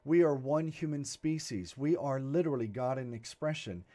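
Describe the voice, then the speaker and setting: A male reverend talks through a Sunday livestream message in a loose, chatty way, trailing into asides and soft laughs. His voice sits at an ordinary middle pitch, and he eases into leading a guided meditation. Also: moderate pace. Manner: warm, conversational preaching with laughs and asides.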